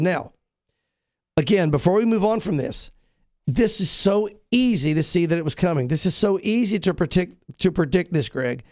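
Brief: man, pastor and host, high pitched voice, dry close sound, preachy emphatic commentary. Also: lively intonation, normal speed, darkish tone, dry recording. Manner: emphatic, preachy, with frequent restarts. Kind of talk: news reading and opinion commentary.

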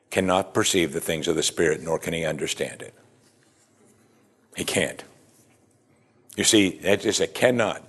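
Husky-voiced man preaching animatedly. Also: fairly low pitch. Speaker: pastor. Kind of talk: sermon.

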